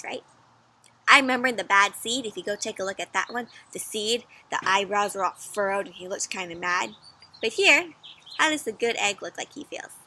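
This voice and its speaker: A woman reading a picture book aloud to children in a teacherly way, pausing often to ask them questions. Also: medium pitch, bright, forceful tone. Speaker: children's story reader. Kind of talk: interactive read-aloud for kids.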